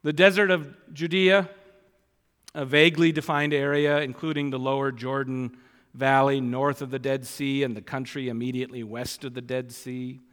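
A man preaching a sermon, speaking deliberately and rising with emphasis when he quotes scripture. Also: mid-range voice, little pitch movement, a bit bright, clean tone. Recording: long reverb of a church hall.

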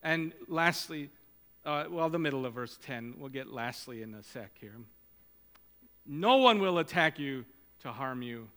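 A man's voice: mid-range voice, lively intonation, measured pace, fairly bright tone. A man preaching a sermon as pastor, urging his listeners on with earnest, repeated exhortations. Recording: long hall reverb.

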